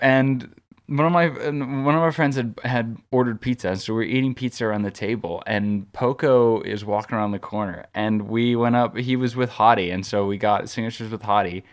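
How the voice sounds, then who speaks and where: A man of ordinary, mid-range pitch co-hosts a casual podcast. He tells a long story in a loose, rambling way, stacks up "like" and restarts, and gets animated as it goes. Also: normal speed. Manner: rambling, animated anecdote-telling, full of fillers like "like". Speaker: podcast co-host.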